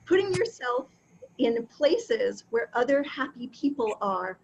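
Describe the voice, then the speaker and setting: Encouraging woman coach, lo-fi sound. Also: on the high side. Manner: warm, encouraging, laughs often. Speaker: wellness coach. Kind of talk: online class talk. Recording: dull lo-fi sound with faint background noise.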